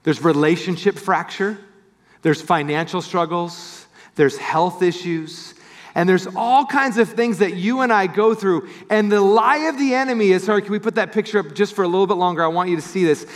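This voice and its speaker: A man's voice: high-pitched, normal speed. A man preaching a sermon as pastor, telling a story and acting out the people in it. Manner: storytelling, animated voices for quoted people. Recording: church hall with long reverb.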